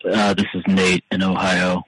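A man calling in to a talk show, talking with dry, deadpan humor. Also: sits low, moderate pace, breathy edge, no room sound, low-quality recording. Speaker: caller. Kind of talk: casual phone-in chat.

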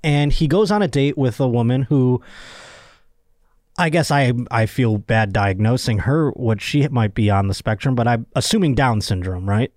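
A man's voice: medium pitch, moderate pace, a little mellow, no room sound, clean studio sound. A young man hosting a podcast, rambling and joking crudely in casual chat. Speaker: podcast host.

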